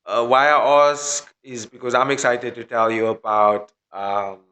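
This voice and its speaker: A man's voice: medium pitch, fairly even intonation, unhurried, sharp tone, clean tone. A man hosting a podcast, chatting casually in a rambling, profane way full of fillers. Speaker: podcast host.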